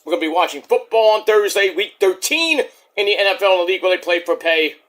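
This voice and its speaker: A man's voice: high-pitched, fast talker, fairly bright tone. A man giving a brash, boastful, rambling spiel to open his own channel's video. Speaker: YouTuber.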